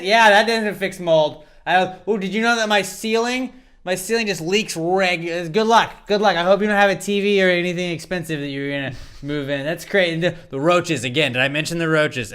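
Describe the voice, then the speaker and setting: A man co-hosting a podcast, chatting casually and telling animated, profane stories. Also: high-pitched, smooth. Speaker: podcast co-host. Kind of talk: casual chat.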